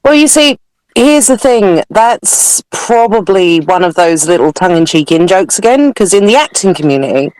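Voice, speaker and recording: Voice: mid-range voice, very animated, normal speed, a little mellow, dry recording, low-quality recording. A podcast co-host in casual film-review chat, musing and thinking aloud with asides.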